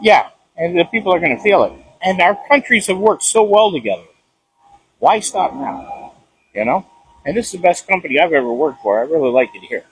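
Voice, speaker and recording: A man's voice: on the high side, sing-song, fairly quick, breathy edge, no room sound, poor audio. A man answering in an interview, friendly and rambling. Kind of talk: street interview.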